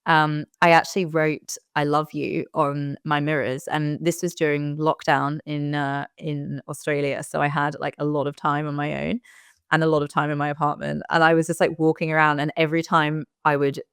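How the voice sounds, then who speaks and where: Low-voiced woman, smooth. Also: little pitch movement, moderate pace, a bit bright, dry recording, studio quality. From United Kingdom. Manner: candid, reflective storytelling. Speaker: interview guest. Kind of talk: casual interview conversation.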